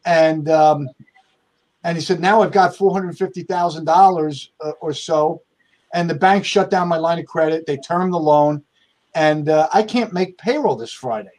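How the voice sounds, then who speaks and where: Appearing as an interview guest, an American accountant who owns his own firm tells stories conversationally, restarting often and acting out quoted dialogue. His voice is fairly high and a little mellow, at a moderate pace.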